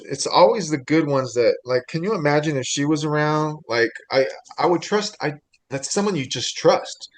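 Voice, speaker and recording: A chatty podcast co-host with a somewhat high-pitched male voice. He rambles from one thought to the next and laughs easily. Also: expressive, moderate pace. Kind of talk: casual podcast chat.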